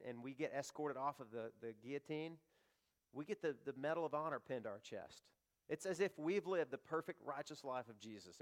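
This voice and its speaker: A pastor, preaching an impassioned sermon and acting out the voices he quotes. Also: medium pitch.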